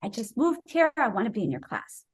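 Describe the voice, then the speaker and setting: A woman in her sixties from Wisconsin, a guest telling an animated story in an interview and acting out the voices she quotes. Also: fairly high pitch, brisk, husky. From Wisconsin, USA. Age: 60s.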